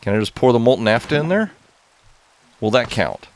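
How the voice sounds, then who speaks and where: A man hosting a gaming channel, giving excitable, casual commentary to viewers as he plays. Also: medium pitch, a little fast. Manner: excitable, talks to viewers while playing.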